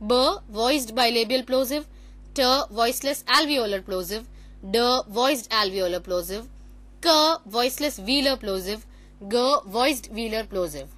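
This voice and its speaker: A woman's voice: on the high side, measured pace, a bit bright. A woman giving a classroom presentation on phonetics, explaining step by step and correcting herself as she goes. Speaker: student presenter.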